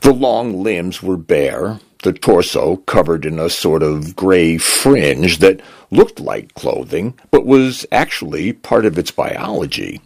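A man who hosts and narrates, reading a story aloud in a slow, measured storytelling manner. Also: sits low, animated, vocal fry, darkish tone, slightly rough, dry recording. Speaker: host and volunteer narrator.

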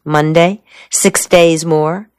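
A woman's voice: low-pitched, fairly even intonation, takes it slowly, darkish tone, smooth, no room sound, studio quality. A woman voicing a teasing, evasive young woman with a mocking manner. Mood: soft. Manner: playful, mocking. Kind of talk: audiobook dialogue reading.

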